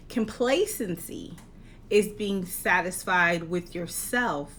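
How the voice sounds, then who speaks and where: Woman, life coach, motivational talk, earnest, rhetorical questions, measured delivery. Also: fairly low pitch, a bit bright, a little hiss or hum.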